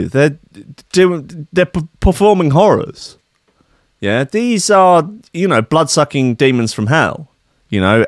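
A man's voice: on the low side, no room sound, studio quality. Sweary man riffing on the news. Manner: sweary, rambling, sardonic. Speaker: podcast host. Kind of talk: comic rant about the news.

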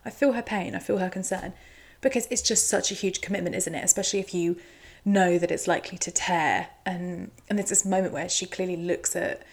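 A woman talks through a recap in a casual, wry way. Her voice sits a little low and carries a noticeable gravelly fry. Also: fairly even intonation, fairly quick. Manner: chatty, wry, teasing. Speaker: show recap host.

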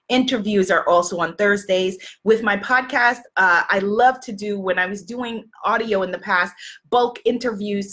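A woman's voice: mid-range voice, fairly bright tone. Woman, business coach, casual chatty delivery, rambling, filler words. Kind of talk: casual talk to an audience.

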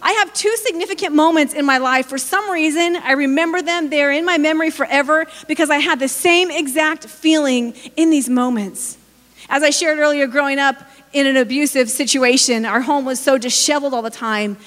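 Here a woman in her forties delivers a sermon in a high, somewhat bright voice, speaking a little fast. She tells funny personal anecdotes and talks straight to the congregation, with long hall reverb audible throughout.

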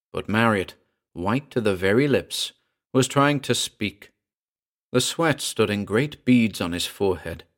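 Male audiobook narrator, low voice, quiet measured delivery of a ghost story. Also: expressive.

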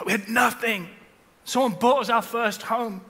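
A man, preaching a sermon and telling stories with loud bursts and hushed asides. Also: extremely high pitch, a little slow, long reverb tail. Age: 40s. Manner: animated storytelling, swings between loud bursts and hushed asides. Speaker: pastor. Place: large church hall.

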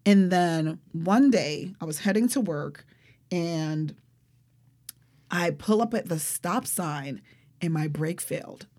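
Animated woman telling a personal story. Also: lowish voice, slow. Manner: animated, expressive, frequent fillers like "like". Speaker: interview guest.

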